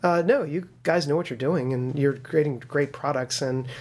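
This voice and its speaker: A man's voice: on the high side, normal speed. A man, a game studio co-founder, telling a story in a casual interview, acting out quoted voices with many fillers and restarts. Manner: lively storyteller who acts out quoted voices.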